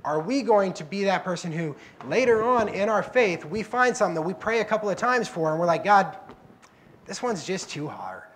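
Man, guest preacher, relaxed conversational sermon in a church, slightly high voice. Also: moderate pace, a little hiss or hum. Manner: conversational, acts out quoted prayers and dialogue.

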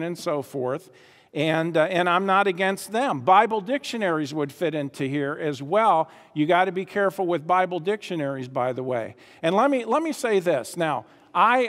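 High-voiced emphatic man preaching in a reverberant hall. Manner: emphatic, repeats himself, asks the audience questions. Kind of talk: sermon.

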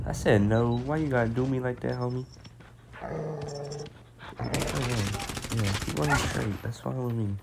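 A man giving casual, excitable gameplay commentary, full of slang and self-mocking trash talk, with game gunfire behind him. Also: mid-range voice, a little slow, gravelly, long pauses, heavy background noise. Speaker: gameplay streamer. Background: game gunfire and explosions.

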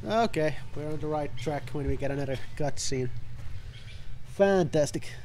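A man's voice: fairly high pitch, moderate pace, darkish tone, a little hiss or hum. A man doing casual let's-play commentary, sarcastic and swearing as he laughs at the game. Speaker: gameplay commentator.

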